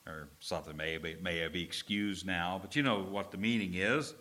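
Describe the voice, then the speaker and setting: A middle-aged male pastor preaching a sermon, swinging from loud drawn-out proclamations to low, chatty storytelling.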